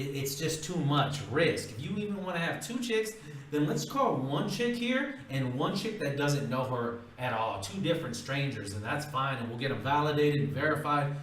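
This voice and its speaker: A man's voice: mid-range voice, fairly bright tone, reverberant, distant mic, slight background noise, rough recording. A man giving blunt, emphatic, profane dating advice in a casual monologue, repeating his points. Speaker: dating-tips vlogger.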